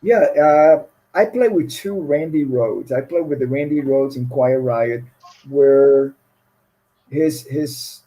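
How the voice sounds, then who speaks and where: A man's voice: medium pitch, mellow, slightly rough, rough recording. A middle-aged man with a foreign accent, a guest musician telling stories in a rambling, laughing way, often restarting his phrases. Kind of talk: casual storytelling interview.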